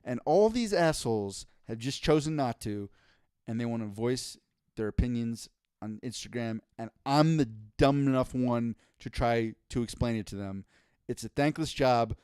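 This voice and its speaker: A man's voice: mid-range voice, expressive, moderate pace, darkish tone, smooth, no room sound, clean studio sound. A man co-hosting a casual podcast, ranting with exasperation and lots of swearing. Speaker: podcast co-host.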